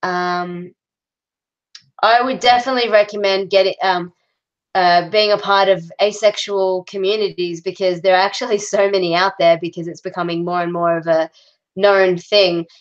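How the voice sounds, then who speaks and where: A woman, chatting as a guest over a video call, relaxed and hesitant with many ums. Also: medium pitch, moderate pace, dull audio. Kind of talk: casual video-call chat.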